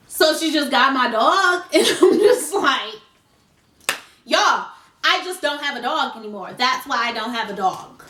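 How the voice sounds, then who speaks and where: A woman's voice: sits high, expressive, unhurried, pushed and bright, distant mic. A woman telling a storytime on her vlog, speaking casually and animatedly straight to her viewers. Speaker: vlogger. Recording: roomy, off-mic, faint noise.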